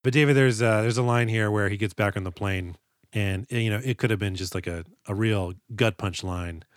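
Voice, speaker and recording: A man's voice: on the low side, moderate pace, dry recording, clean studio sound. A man co-hosting a movie podcast, riffing in a joking, profane way during casual chat. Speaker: podcast co-host.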